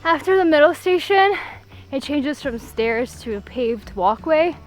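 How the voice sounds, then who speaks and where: A woman's voice: sits high, expressive, unhurried, faint music behind. A woman travel vlogger chatting casually while hiking an outdoor trail, laughing often. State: out of breath from hiking.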